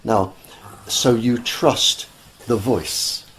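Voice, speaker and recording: A man, speaking as an interview guest in an earnest, deliberate way with many pauses and fillers. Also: medium pitch, a crowd in the background. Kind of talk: slow conversational explanation.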